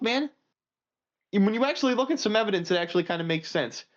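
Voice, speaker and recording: A man co-hosting a casual podcast, ranting crudely and swinging between loud outbursts and low mutters. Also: expressive, fast talker. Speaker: podcast co-host. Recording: muffled lo-fi audio.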